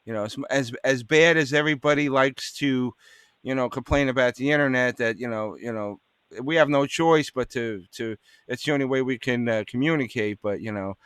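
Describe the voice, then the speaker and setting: A man's voice: mid-range voice, brisk, a bit bright, clear, resonant tone, dry recording, clean studio sound. A man from New Jersey hosting a radio interview, chatty and full of fillers. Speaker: radio show host. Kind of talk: casual interview.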